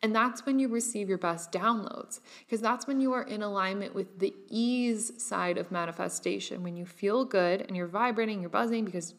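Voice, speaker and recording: Chatty young woman podcaster. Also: medium pitch. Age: young adult. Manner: chatty and animated, with many "like" fillers and laughs. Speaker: podcast host. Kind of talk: casual solo podcast monologue.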